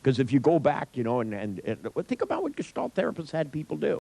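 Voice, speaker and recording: A man's voice: on the high side, huge pitch swings, fast, creaky, dark tone, breathy edge, low-quality recording. A middle-aged man telling an anecdote in a wry, irreverent way, swearing freely. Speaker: storyteller. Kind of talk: profane anecdotal storytelling.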